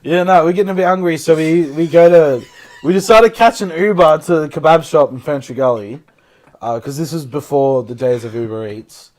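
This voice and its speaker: A man's voice: on the high side, fairly quick, a little mellow. A man co-hosting a casual podcast, telling crude anecdotes and laughing as he goes. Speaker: podcast co-host. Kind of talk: casual chat.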